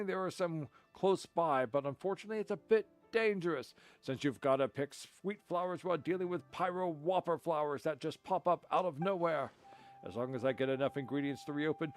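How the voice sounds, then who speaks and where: A man's voice: on the high side, brisk, faint music behind, lightly acted. A man voicing a shifty tea stall vendor, reading the lines aloud with a salesman's patter. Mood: salesy.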